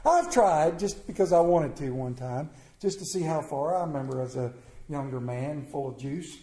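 A middle-aged man preaches a sermon in a folksy, plainspoken way, firing questions at the congregation. His voice sits high for a man yet sounds dark and mellow. The room echoes around him. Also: lively intonation, normal speed.

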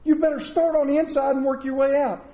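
A middle-aged pastor preaching a sermon in a church, animated and mixing comic asides with scripture. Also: male voice, very high voice, quick pace, reverberant. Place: church sanctuary.

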